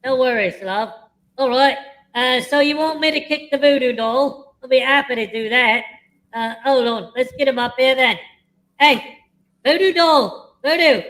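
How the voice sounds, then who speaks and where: A woman's voice: sits high, measured pace, fairly bright tone, voice pushed up. A woman voicing a friendly man named Joey with a put-on Australian accent. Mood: cheery. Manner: friendly, matey greetings.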